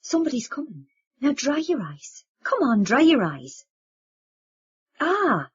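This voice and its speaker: Woman playing older Irish dad, lilting and confiding, husky, dull sound. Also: high-pitched, big pitch swings, a little slow, pitched above the performer's own voice, heavily acted. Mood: hushed. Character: older Irish father, warm, rambling, self-mocking man.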